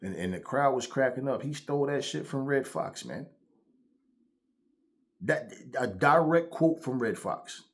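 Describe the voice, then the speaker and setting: A man hosting a commentary vlog, ranting in a blunt, profane, animated way. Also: mid-range voice, measured pace. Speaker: channel host.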